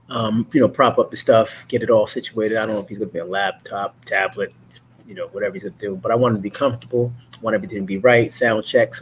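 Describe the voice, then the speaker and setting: A man's voice: mid-range voice, slight background noise. Rambling man hosting a talk show. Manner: rambling, many fillers and restarts; mimics others' voices in animated quotes. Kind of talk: casual monologue.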